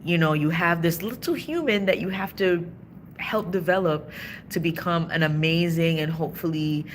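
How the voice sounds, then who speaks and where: A woman's voice: fairly low pitch, moderate pace, a little hiss or hum. A woman in her thirties from Toronto, with a Canadian accent and a Caribbean background, talking candidly in a casual vlog with frequent laughs and slangy asides. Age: 30s. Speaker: vlogger.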